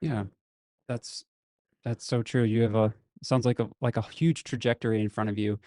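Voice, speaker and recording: Mellow-voiced male podcast host. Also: mid-range voice, fairly even intonation, normal speed, no room sound, clean studio sound. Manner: asks long searching questions, many "mm-hmm" backchannels. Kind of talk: casual podcast interview.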